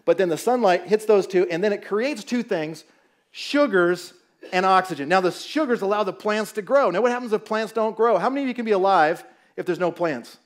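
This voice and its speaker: A middle-aged man from Southern California, with a high voice and a slightly fast pace, preaches as a guest pastor in a church sanctuary. His sermon is humorous and full of stories, delivered in an animated way with jokes for the audience.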